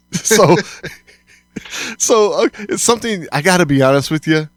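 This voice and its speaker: A man's voice: high-pitched, lively intonation, unhurried, no echo, clean studio sound. A man co-hosting a podcast in casual chat, agreeable and laughing often. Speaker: podcast co-host.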